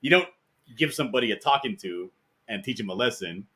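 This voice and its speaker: Male podcast host, mid-pitched, rambling and animated storyteller. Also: fairly quick, slightly rough. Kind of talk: casual chat.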